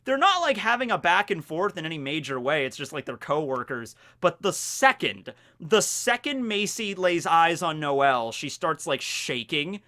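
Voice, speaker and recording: A young man hosting a video, casually recapping a manga chapter in an animated, rambling way. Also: fairly high pitch, moderate pace. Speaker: video host reviewing a manga. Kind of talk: casual chat.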